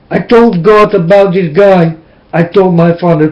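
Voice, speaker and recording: Dutch guy preaching into his webcam, fervent, kinda high pitched, muffled cheap mic sound. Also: measured pace. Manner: fervent, preachy, addresses viewers as "people". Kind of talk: religious webcam monologue. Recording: dull lo-fi webcam audio.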